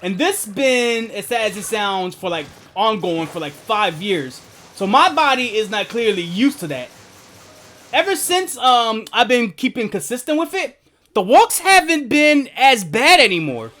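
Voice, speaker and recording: A man's voice: sits high, sing-song, unhurried, sharp tone. A young man streaming a video game, chatting casually in a rambling, profane way and laughing often. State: asthmatic. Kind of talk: casual gaming stream chat.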